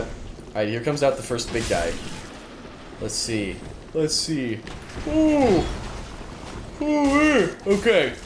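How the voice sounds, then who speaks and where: A tired, yawning man streaming a game, chatting casually and self-deprecatingly, repeating his phrases as he plays at his desk. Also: medium pitch. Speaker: gaming streamer. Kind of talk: casual let's-play commentary. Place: room at a gaming desk with monitors. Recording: roomy sound with background noise.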